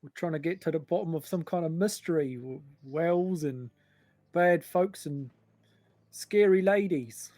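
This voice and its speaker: A man's voice: fairly high pitch, normal speed, a little mellow, dry recording. A man playing a tabletop role-playing game, joking in and out of character. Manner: cheeky, joking. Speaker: player.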